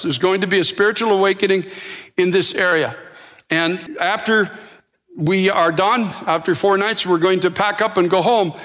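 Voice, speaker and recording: A man preaching a sermon with impassioned delivery that builds to shouting. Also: high-pitched, long reverb tail.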